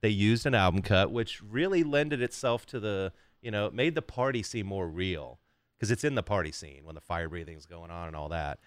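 A man with a fairly low, smooth and resonant voice hosts a podcast, eagerly recounting movie and soundtrack trivia. The sound is dry and close to the mic. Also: animated, moderate pace, dry recording. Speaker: podcast host. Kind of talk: casual chat.

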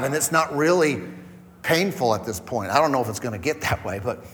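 A man's voice: a little high, fairly quick, fairly bright tone, big-room sound. A man preaching a conversational sermon as pastor, acting out quoted voices as he goes. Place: church hall.

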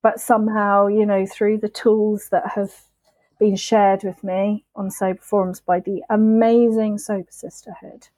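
A woman on a podcast, telling her sobriety story in a candid, emotional, halting way. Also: medium pitch, level tone, dark tone, dry recording, low-quality recording. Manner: emotional, halting, with frequent restarts and swearing.

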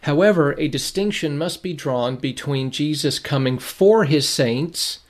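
A man's voice: a little high, measured pace. A man giving sermon-style Bible teaching, earnest and emphatic, repeating key phrases for stress.

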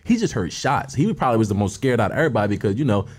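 A man's voice: mid-range voice, very animated, rapid-fire, a little mellow. A man, a guest musician from Philadelphia, telling a story in casual street slang with lots of "you feel me.".

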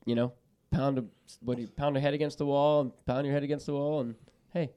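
Podcast guest: man, mellow dark voice, easygoing and rambling. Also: medium pitch, fairly even intonation, fast, clean tone, highs cut off. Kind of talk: casual fishing chat.

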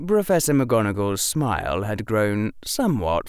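Male audiobook narrator, slow and expressive, gravelly, dry close mic. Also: lowish voice, no room sound. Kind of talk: fan fiction audiobook narration.

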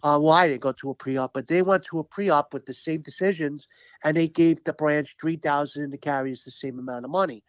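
A man speaking as a union representative, telling stories in an animated, emphatic, profane way during a casual interview. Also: on the high side, brisk, dry recording, lo-fi sound.

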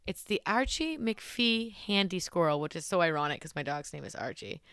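A woman's voice: fairly low pitch, expressive, normal speed, a bit bright, clean tone, dry recording, studio quality. A young woman hosting a casual chat, giggling often and reading reviews aloud with playful emphasis. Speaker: host.

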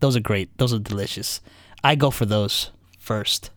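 A man's voice: lowish voice, normal speed, a bit bright, dry recording, clean studio sound. A man in casual banter, playful and laughing easily as he runs through a list.

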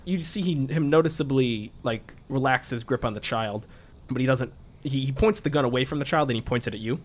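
A man's voice: mid-range voice, a little fast. A man running a tabletop role-playing game as game master, narrating the scene in a loose, chatty way.

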